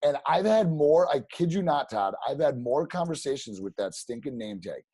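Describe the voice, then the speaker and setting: A man telling stories as a podcast guest, animated and rambling, with many restarts. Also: medium pitch, moderate pace, slightly rough, no echo. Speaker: podcast guest, real estate agent. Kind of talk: casual storytelling interview.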